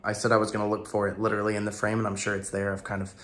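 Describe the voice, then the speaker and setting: A man hosting a reaction video, giving a thoughtful, halting video analysis in a tired early-morning voice, with many fillers and restarts. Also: fairly low pitch, monotone, fairly bright tone.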